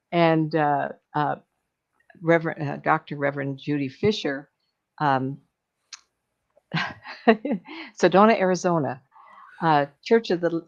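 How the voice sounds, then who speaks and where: Older woman, casual and anecdotal delivery, gravelly voice, dull lo-fi sound. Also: deep voice. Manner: rambling, anecdotal, laughs often. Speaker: psychic medium giving a talk. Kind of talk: casual talk.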